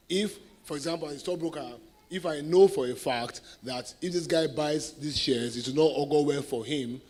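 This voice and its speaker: A middle-aged man with a Nigerian English accent, giving a motivational talk as guest speaker at a sales event, telling stories and keeping the audience engaged by asking if they follow him. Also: mid-range voice. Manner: animated storyteller who keeps asking the audience if they follow.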